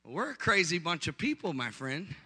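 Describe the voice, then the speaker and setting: A male preacher with a high, very bright voice tells a story from the pulpit. He is animated and jokes along the way, then rises into shouted exhortation. His voice rings with reverb through a church hall. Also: brisk, breathy edge. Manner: animated, joking, builds to shouting. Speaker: pastor. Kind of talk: storytelling sermon.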